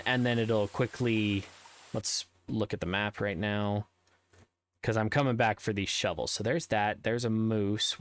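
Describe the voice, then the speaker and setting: This let's play gamer's voice sits on the low side, captured in a low-quality recording. While he plays, his commentary is casual and wandering, full of ums and uhs and jokes at his own expense.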